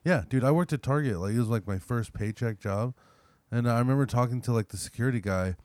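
A man talking quickly and bluntly in casual podcast chat, dropping curses freely. His pitch is middling and the sound is dry and close-miked. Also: darkish tone, dry recording. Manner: quick, blunt, swears a lot.

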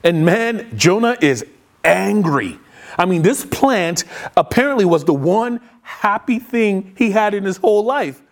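A man preaching with a high, lively voice that swings widely in pitch. He retells the story in an animated way and acts out the voices he quotes. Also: a little slow. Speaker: pastor. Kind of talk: sermon podcast.

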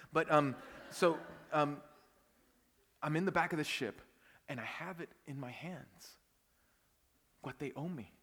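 Pastor guy preaching, mid pitch, whispers then gets loud, big echoey church hall. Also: husky. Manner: storytelling, swings from hushed whispers to loud outbursts. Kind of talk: sermon.

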